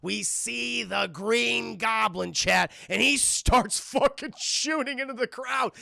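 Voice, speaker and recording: A man hosting a livestream, casually reviewing a film for his chat in a profane, animated way. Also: very high-pitched, creaky, no room sound, clean studio sound. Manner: acts out lines in put-on voices. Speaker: livestream host.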